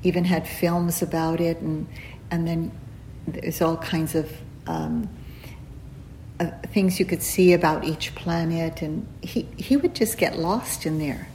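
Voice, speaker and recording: Slow, gentle woman giving a dharma talk. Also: low-pitched, steady tone, slight background noise, low-quality recording. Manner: slow, gentle, with frequent pauses and fillers; laughs softly while telling stories. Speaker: meditation teacher. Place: retreat center hall.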